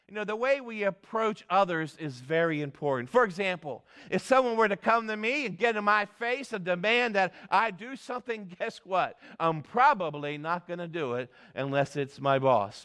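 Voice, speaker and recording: High-voiced, clear-toned preacher. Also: male voice, lively intonation, moderate pace. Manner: emphatic, swings between loud and soft. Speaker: pastor. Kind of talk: sermon. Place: church.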